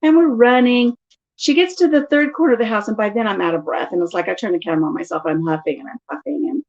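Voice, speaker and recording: A middle-aged woman casually telling stories in an animated way during a live chat at home. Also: mid-range voice, fast, dull audio. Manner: chatty, animated storytelling. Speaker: vlogger.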